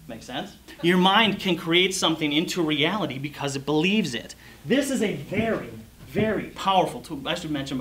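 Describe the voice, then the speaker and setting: Man, guest speaker, sales talk, animated delivery, slightly high voice, lively pitch. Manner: animated storytelling, acting out customers' voices. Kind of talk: sales and mindset talk to a club audience. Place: club Christmas party.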